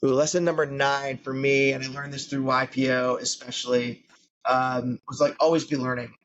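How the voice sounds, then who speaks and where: A man's voice: medium pitch, little pitch movement, moderate pace, a bit bright, muffled recording. A man in his late forties, a founder being interviewed on a podcast, talking conversationally with many fillers. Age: 40s. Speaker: guest founder.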